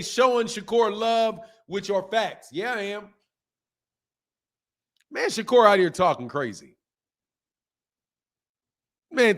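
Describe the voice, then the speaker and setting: Here a boxing channel host rants at his audience in a high, fairly bright voice. He swears, gets heated, drives his points home over and over, and reads out what viewers have commented.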